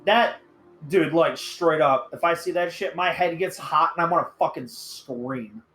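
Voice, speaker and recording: A man hosting a casual podcast chat, excitable and profane, breaking into sudden loud outbursts. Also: on the high side, unhurried, soft background music. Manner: excitable, swearing, shouts in bursts. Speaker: podcast host.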